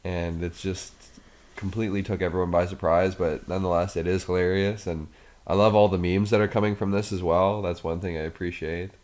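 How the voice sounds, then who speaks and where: A man's voice: low-pitched, little pitch movement, brisk, darkish tone. A man co-hosting a podcast, leading the topics in casual chat, with many fillers and some swearing. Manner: leads topics, filler-heavy, casual cursing. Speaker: podcast co-host.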